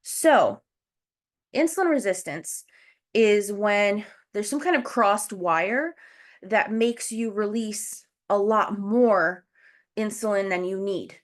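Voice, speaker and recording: Her voice mid-range with lively intonation and a slow pace, a breathless woman hosts a casual educational stream over a video call. She chats, explains each step in turn, and speaks directly to the chat.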